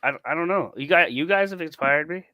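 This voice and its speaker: Man, co-host, bright dry voice, halting casual delivery. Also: fairly high pitch, no room sound. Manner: hesitant, halting, lots of fillers. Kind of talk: casual chat.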